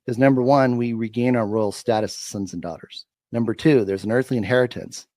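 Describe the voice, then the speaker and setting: A man talks with the emphatic cadence of a preacher, hammering and repeating his points. His voice sits at an ordinary middle pitch. The sound is dry and close, with no room echo. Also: brisk, warm tone. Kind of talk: preachy faith-filled commentary.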